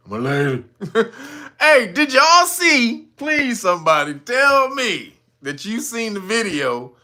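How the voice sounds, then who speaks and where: A male host riffing through a commentary stream, laughing and swearing often. His voice is high and bright, and it swoops widely as he gets animated. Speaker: channel host. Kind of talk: casual news commentary stream.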